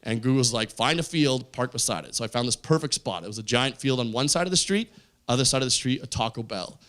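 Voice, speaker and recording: A young man doing stand-up storytelling on a comedy club stage, acting out the people in his story and yelling some punchlines. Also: mid-range voice, quick pace. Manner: animated, voices quoted friends, yells punchlines. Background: audience laughter.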